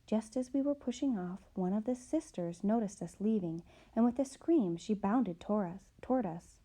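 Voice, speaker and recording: Storybook role: woman voicing a boastful male storyteller, animated. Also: medium pitch, moderate pace, close to an everyday voice. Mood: dramatic. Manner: dramatic, animated telling. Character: boastful male storyteller recounting his scare.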